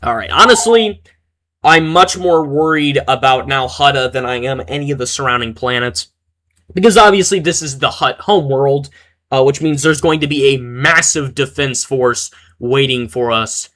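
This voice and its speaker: A man's voice: mid-range voice, moderate pace, a bit bright. A young man giving casual, rambling commentary while playing a strategy game and reading chat aloud. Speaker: gaming streamer.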